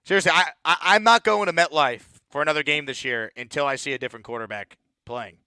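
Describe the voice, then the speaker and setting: A man's voice: on the high side, quick pace, sharp tone, clean tone, dry recording, studio quality. A man hosting a postgame call-in sports show, ranting bluntly and repeating words when he gets heated. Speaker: sports talk show host.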